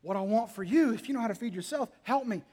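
High-voiced preacher in a reverberant hall. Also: male voice, expressive, fast. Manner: dynamic, swinging between quiet asides and loud emphatic lines; humorous, teasing the congregation. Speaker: pastor. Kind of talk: sermon. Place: church hall.

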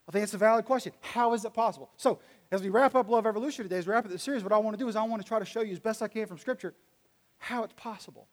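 A man delivers a sermon as a pastor, with a notably high voice. He tells the story in relaxed, conversational language and slips into quoted lines along the way. The sound carries the long reverb of a large hall. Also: racing.

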